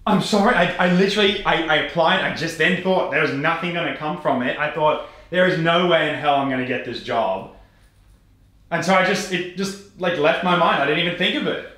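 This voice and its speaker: A young man chatting excitedly in a casual vlog, rambling with lots of fillers, in a bedroom at home. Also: fairly high pitch, brisk. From Australia. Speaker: prank vlogger. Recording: echoey room, faint noise.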